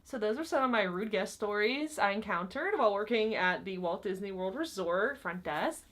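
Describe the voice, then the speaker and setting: Bright-voiced young woman telling stories. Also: medium pitch, lively intonation, moderate pace. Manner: chatty, frequent fillers like "like" and "um". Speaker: vlogger recounting work stories. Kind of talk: casual storytelling to camera.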